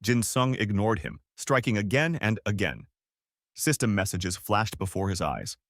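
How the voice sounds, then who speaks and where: A man telling a story recap in brisk, scripted narration, with a lively, swinging pitch. The sound is close and completely dry, with no room at all. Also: no room sound.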